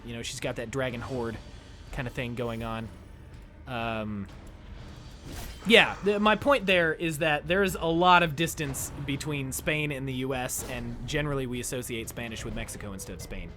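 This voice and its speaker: A young man from the United States chatting casually with his viewers while he plays a game, joking and squealing with delight when things go his way. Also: medium pitch. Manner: excitable, jokey, squeals when pleased. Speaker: game streamer. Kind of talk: casual live-stream chat while gaming.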